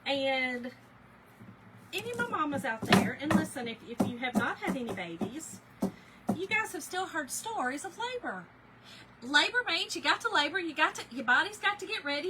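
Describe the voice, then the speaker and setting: A woman's voice: sits high, pushed and bright, poor audio. A middle-aged woman, telling a story on a live stream in a chatty, laughing way and talking to viewers as y'all. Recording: background noise with a hair dryer.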